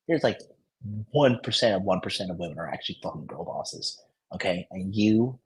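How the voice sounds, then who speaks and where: In a low-quality recording made in a private hospital room, a man with a lowish voice casually tells a story. He's a dating coach vlogger, and his telling is boastful and heavy with swearing.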